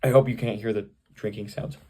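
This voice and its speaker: A young man with vocal fry, rambling self-consciously with lots of fillers as he records a casual home video, reading aloud for his family on the camera's built-in mic. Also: lowish voice, steady tone, brisk, dark tone. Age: young adult. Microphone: camera's built-in mic, no external microphone.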